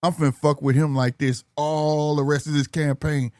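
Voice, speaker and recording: A man co-hosting a boxing talk stream, retelling a press event in lively, profane casual chat. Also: fairly high pitch, moderate pace, no room sound, clean studio sound. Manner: animated, profane storytelling with laughs. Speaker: boxing podcast co-host. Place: home studio, live stream.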